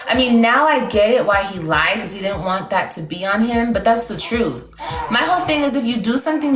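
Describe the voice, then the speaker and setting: A woman talking casually to her livestream viewers in a rambling, emotional way, full of fillers and restarts. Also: mid-range voice. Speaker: TikTok livestreamer. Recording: echoey room.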